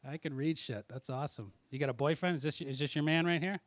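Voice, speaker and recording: A man doing stand-up comedy with crowd work, swearing constantly and swinging from muttered asides to loud angry outbursts. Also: on the high side, fast talker.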